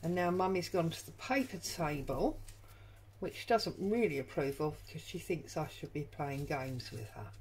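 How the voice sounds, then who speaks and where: A woman's voice: low voice, normal speed, a little mellow, a little hiss or hum, rough recording. A woman hosting a crafting tutorial from her home craft room, chatting and thinking aloud as she works. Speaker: junk journal crafter and channel host.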